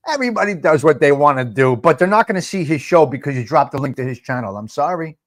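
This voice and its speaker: A man's voice: fairly high pitch, animated, fast. A middle-aged man hosting a casual live chat, teasing viewers, repeating himself and dropping Italian phrases. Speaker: livestream host.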